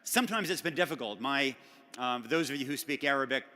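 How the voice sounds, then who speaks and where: A middle-aged man stands at a podium and delivers an acceptance speech. His bright voice carries through a large banquet hall with a long reverb tail. He talks in a relaxed, self-deprecating way, with plenty of fillers and restarts. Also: medium pitch, fast. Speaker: award recipient giving a speech.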